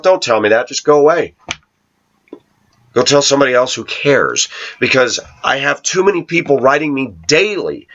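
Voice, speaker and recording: A man's voice: mid-range voice, fairly bright tone, muffled recording. A man hosting his own channel, telling workplace stories in a sarcastic, rambling way. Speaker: YouTube channel host. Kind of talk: casual talking-to-camera monologue.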